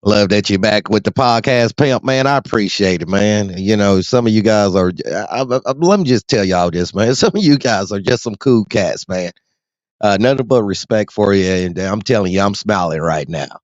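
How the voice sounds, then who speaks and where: A man's voice: medium pitch, sing-song, normal speed, no echo, dull audio. A man hosting a podcast in a loose, profane monologue, laughing often and calling out to his listeners. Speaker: podcast host.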